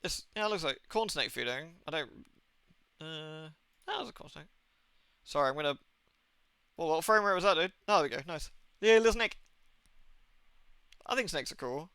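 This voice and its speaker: A British man in his thirties chats over his game stream in a loose, rambling way, swearing now and then. His voice sits a little high and rings bright and forceful. The sound is close and dry, with no room around it. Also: expressive, normal speed, long pauses, smooth, no room sound. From Britain. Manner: rambling, anecdotal, swears freely. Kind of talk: casual gaming stream chat.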